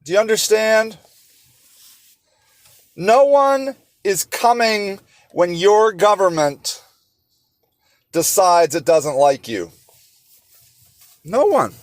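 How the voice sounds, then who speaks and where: A man hosting a solo podcast, talking with passion and sarcastic rhetorical questions, halting often with fillers and restarts. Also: high voice, animated, dry recording. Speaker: podcast host.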